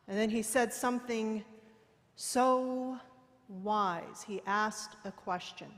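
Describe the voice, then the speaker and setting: A woman's voice: medium pitch, slow. A woman preacher giving a sermon in a church, telling a candid personal story with playful self-mockery. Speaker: guest preacher. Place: church sanctuary. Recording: long reverb of a large hall.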